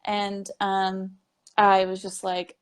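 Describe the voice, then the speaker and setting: A woman's voice: medium pitch, monotone, takes it slowly, clear, resonant tone. A young woman in a casual interview, telling her story of becoming a medium in a chatty way, with plenty of fillers and little laughs.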